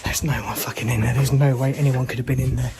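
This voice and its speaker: A young man vlogging alone through a stripped, empty building, who swears when scared and breaks into panicked shouts. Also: mid-range voice, fairly even intonation, fast, gravelly, background noise. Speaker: ghost-hunting vlogger. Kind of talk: first-person exploration vlog.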